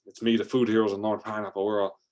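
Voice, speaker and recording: A man's voice: on the low side, flat delivery, fast talker, darkish tone. A man narrating an improvised adventure story, rambling along with fillers and restarts.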